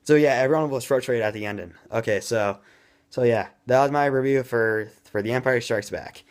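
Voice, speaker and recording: A man giving a casual, rambling movie review in an excitable way, admitting he talks too fast. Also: medium pitch.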